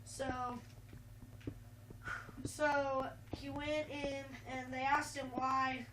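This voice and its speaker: A woman's voice: high-pitched, level tone, extremely slow. A woman hosting a casual video, chatting and telling a long rambling story. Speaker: video host. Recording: roomy, distant, noisy mic.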